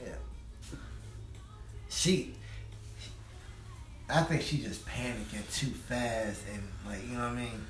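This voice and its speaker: Male co-host, unhurried slang-heavy storyteller, mid pitch, recorded in an echoey room. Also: faint music behind. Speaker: podcast co-host. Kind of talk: casual TV review chat. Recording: echoey room with faint noise.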